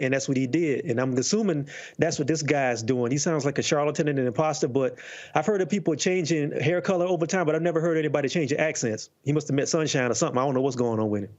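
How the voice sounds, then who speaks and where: A man's voice: on the high side, fast, a little mellow. Wry male panelist on a dull remote line. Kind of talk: casual talk show discussion.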